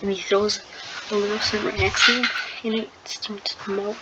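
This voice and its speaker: A woman's voice: mid-range voice, fairly even intonation, brisk. A woman improvising a fan-fiction story, rambling and hesitant with many fillers and restarts. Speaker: channel host telling a fan story. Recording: dull lo-fi sound with clear background noise.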